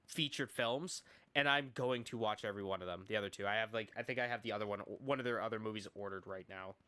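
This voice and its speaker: Bright, excitable man gushing on a podcast. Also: fairly low pitch, quick pace, clear, resonant tone. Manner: excitable, rambling movie recap with acted asides. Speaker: podcast co-host. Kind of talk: casual chat.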